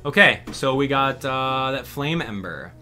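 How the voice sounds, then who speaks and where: A man hosting a video game walkthrough, commenting in an excitable way and exclaiming often. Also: medium pitch, measured pace, faint music behind. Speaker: gaming channel host.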